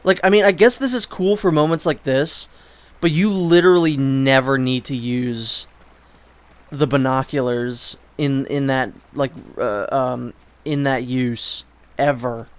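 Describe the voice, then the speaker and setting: A man's voice: medium pitch, steady tone, measured pace, clear, resonant tone. Guy doing casual game commentary, rambly, mid-range voice, cusses when things go wrong. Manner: rambling and chatty, with frequent restarts and sudden swearing. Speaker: let's play host.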